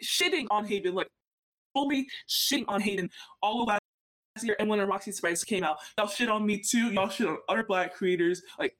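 Fired-up woman ranting on a podcast. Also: mid-range voice. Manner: heated, profane, emphatic ranting. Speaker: podcast co-host. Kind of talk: casual podcast chat.

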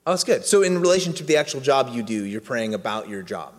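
A man's voice: medium pitch, big pitch swings, quick pace. A man preaching casually to a congregation, telling a family story with humor and asking the room questions. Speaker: pastor. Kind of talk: sermon with audience interaction. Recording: hall reverb.

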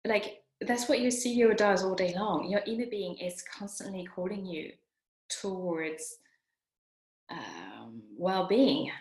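A woman's voice: medium pitch, expressive, takes it slowly, a little mellow. A woman giving an earnest motivational self-help talk, repeating lines for emphasis. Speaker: motivational speaker. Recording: echoey room.

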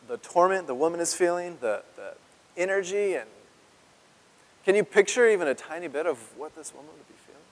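A man's voice: on the high side, long reverb tail. A man preaching a sermon as pastor, talking conversationally and asking his congregation questions. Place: church sanctuary.

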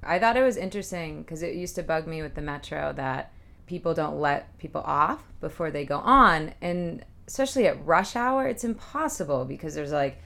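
A woman's voice: deep voice, lively intonation, normal speed, gravelly, a bit bright. A woman from the United States co-hosting a podcast, chatting casually and often saying "like". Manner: chatty, lots of "like" fillers. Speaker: podcast co-host. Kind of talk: casual chat.

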